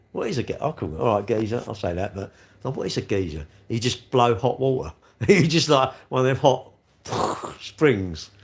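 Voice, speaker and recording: A man, chatting casually on a live stream, rambling with tag questions and calling viewers mate. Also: fairly low pitch. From London. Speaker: livestream host. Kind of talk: casual live chat reading comments.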